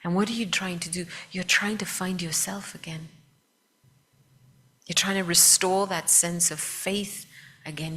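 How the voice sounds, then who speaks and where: Slow, gentle woman giving a meditation talk. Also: lowish voice, steady tone. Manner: gentle, asks the audience questions, often drops to a whisper. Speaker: spiritual teacher. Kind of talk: meditation talk to a live audience. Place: room with a live audience.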